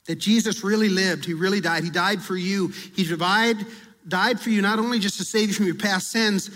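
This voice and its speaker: A man's voice: sits high, fairly bright tone, long reverb tail. A male pastor preaching in a conversational way, acting out prayers and confessions as he talks. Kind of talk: sermon.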